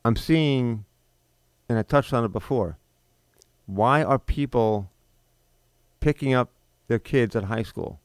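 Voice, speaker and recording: A man in his fifties holds forth in an indignant, rambling monologue, firing off rhetorical questions and restarting his sentences. His voice is smooth and resonant, recorded close and dry with no room sound. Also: mid-range voice, slow, pauses often, dry recording. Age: 50s. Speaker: podcast host. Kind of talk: unscripted monologue.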